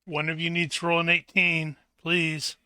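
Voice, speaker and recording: A man playing a tabletop game, unhurried and searching for words. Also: fairly high pitch, flat delivery, bright, forceful tone, smooth, no room sound. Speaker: player.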